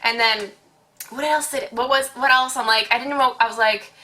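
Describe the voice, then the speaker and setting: A woman in her late teens telling a casual storytime on her vlog, chatty and animated, full of "like". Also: on the high side, brisk. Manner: chatty, heavy use of "like", animated retelling. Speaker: vlogger.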